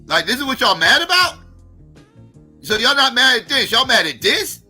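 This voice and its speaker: A man hosting a live stream, reacting in a heated, profane rant with repeated, drawn-out emphasis. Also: very high-pitched, sing-song, sharp tone, slightly rough, faint music behind.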